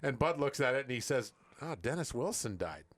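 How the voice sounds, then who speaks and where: Male radio co-host, mid-range pitch, relaxed anecdotal chat with laughs. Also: fairly quick. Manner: chatty storyteller, chuckling asides. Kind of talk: sports radio banter.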